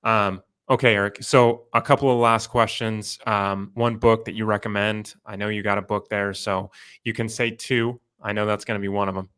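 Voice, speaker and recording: Host: man, low and even voice, relaxed loose interviewer. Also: moderate pace, smooth. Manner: loose, filler-heavy questions. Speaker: podcast host. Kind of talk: casual interview.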